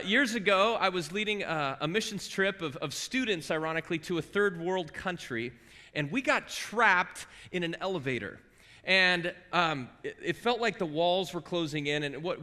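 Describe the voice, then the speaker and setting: A man in his forties from Southern California preaching a sermon to a congregation, telling stories in a conversational, animated way and asking rhetorical questions. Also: high voice, big-room sound. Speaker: guest preacher. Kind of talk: sermon with personal storytelling. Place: church sanctuary.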